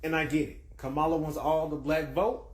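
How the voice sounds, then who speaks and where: A man in a commentary clip, lively and asking rhetorical questions. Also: on the high side, normal speed. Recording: echoey room.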